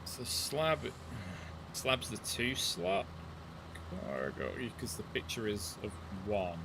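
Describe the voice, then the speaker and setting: A man's voice: mid-range voice, expressive, slow pace, gravelly, noisy background. A man chatting in rambling asides as he plays a game on a live stream. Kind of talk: live gameplay commentary.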